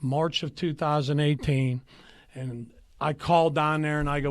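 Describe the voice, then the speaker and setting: A young man hosting a comedy podcast, joking and sentimental in quick banter. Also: a little high, clean tone, dry recording. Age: young adult. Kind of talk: casual chat.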